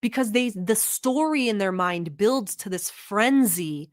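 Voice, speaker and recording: A woman's voice: medium pitch, unhurried, no echo, clean studio sound. Blunt, swearing woman reacting to a video. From Middle East. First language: not English. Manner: blunt, profane, animated. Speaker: vlog host. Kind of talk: reaction commentary.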